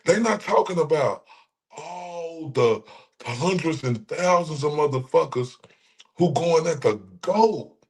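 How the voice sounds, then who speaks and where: A man's voice: a little high, measured pace. A man from Dallas streaming a reaction, ranting and mocking with heavy insults and repetition. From Dallas, Texas. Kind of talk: profane reaction rant.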